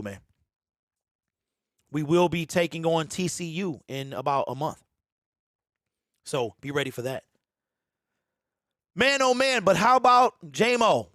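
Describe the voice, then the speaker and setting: Excitable sports host, high-pitched, dry close mic, casual live-stream riffing. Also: male voice, no room sound. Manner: excitable, repeats himself, mocks fans in a mimicking voice.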